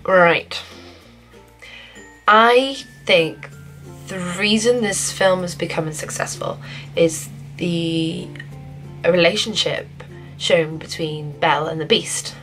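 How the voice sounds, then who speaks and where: Gushing young woman with a lowish voice. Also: takes it slowly, pauses often, music in the background, rough recording. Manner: gushing and excitable, often restarting sentences. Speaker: vlogger reviewing a film. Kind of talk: casual spoiler review to camera.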